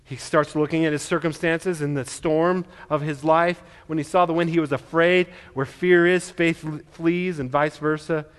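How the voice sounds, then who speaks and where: Brief: earnest male preacher, stammered restarts, high-set voice, long reverb of a large hall. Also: steady tone, normal speed, few pauses, smooth. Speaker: pastor. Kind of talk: sermon.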